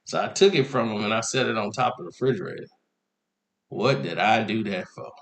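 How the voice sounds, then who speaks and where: A young man telling a comic dating story in a slangy, animated way, laughing often. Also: on the low side, brisk. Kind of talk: comedic storytelling. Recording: echoey room.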